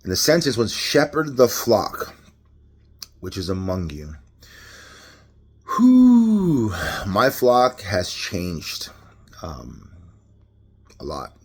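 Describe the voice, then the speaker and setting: A man's voice: deep voice, animated, takes it slowly, long pauses, husky. A man from Los Angeles with a Los Angeles accent, giving a casual, rambling, unscripted devotional talk with many restarts. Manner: casual, rambling, self-correcting, laughs often. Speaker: lay devotional speaker.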